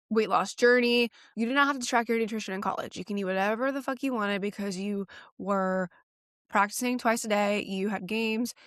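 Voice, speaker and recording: A woman's voice: mid-range voice, a bit bright, no echo, studio quality. A woman in her thirties, a fitness coach host, talking straight to camera in a blunt, sassy way and swearing casually. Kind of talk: direct-to-camera coaching talk.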